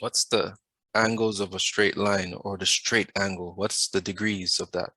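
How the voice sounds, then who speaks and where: A male math teacher with a low, bright voice walks his class through a lesson. He keeps stopping to ask the students questions and waits patiently. The sound is dry and close. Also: fairly even intonation, normal speed, dry recording. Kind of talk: classroom lesson over a video.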